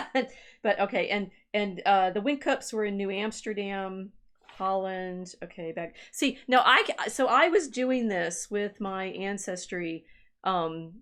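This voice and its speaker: A woman's voice: medium pitch, expressive, takes it slowly, a bit bright. A woman historian chatting on a livestream, reading family-tree records aloud with musing asides and restarts. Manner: reads genealogy records aloud, musing and self-interrupting. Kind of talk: casual livestream chat.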